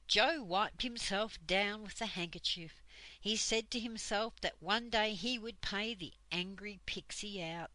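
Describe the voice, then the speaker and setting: Slow, bright older woman reading aloud. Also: medium pitch, no room sound, rough recording. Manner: slow, gentle storytelling. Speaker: storyteller. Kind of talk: reading a children's book aloud.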